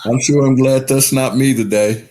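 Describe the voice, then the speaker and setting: A man speaking as a podcast guest, his voice at an ordinary middle pitch. He tells his story in an open, unguarded way and swears freely. The studio sound is close and clear. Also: fairly even intonation, moderate pace, dark tone. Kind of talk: casual recovery podcast talk.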